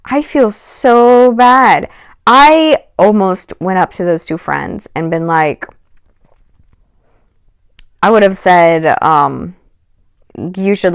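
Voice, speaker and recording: A woman's voice: mid-range voice, no echo, clean studio sound. A woman vlogging a casual storytime, rambling with lots of "like" and "um" and exasperated asides. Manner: rambling, heavy on "like" and "um".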